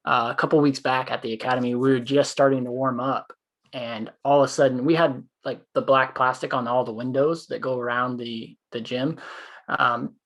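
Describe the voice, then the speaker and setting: A man's voice: medium pitch, fairly even intonation, normal speed, a bit bright. A man co-hosting a podcast, telling a long story in casual conversation, rambling with fillers. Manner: former police officer. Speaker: podcast co-host.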